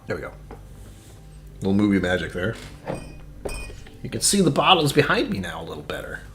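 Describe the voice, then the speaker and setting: Man in his own home stream setup, lowish voice, loose rambling chat, jokey asides. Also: wildly swooping pitch, a little fast, fairly bright tone, slight background noise. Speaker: whiskey tasting streamer. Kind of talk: casual live-stream chat.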